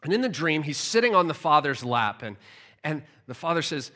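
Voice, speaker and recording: A man preaching a sermon with animated storytelling, often repeating words as he restarts. His voice is bright and forceful, a touch high for a man. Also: fairly quick. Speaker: pastor.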